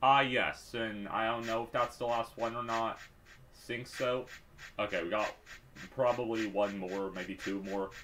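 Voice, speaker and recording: A man's voice: on the low side, steady tone, a little slow, fairly bright tone, a little hiss or hum. A man reviewing and playing a children's DVD game, talking casually with heavy sarcasm and lots of fillers. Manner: sarcastic, mock-puzzled, many fillers. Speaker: YouTube reviewer. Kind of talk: casual gameplay commentary.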